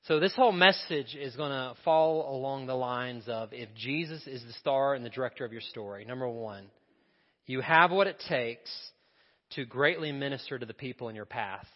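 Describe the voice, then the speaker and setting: Pastor preaching in a reverberant hall. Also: male voice, medium pitch, moderate pace. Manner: storytelling, conversational, asks the congregation questions. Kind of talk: sermon. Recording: dull sound with long hall reverb.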